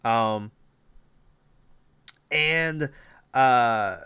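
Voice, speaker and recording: Man, podcast host, casual movie recap, profane and rambling, smooth clear voice, dry close sound. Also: mid-range voice, very slow, pushed and bright, no echo. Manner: rambling, profane, filler-heavy retelling.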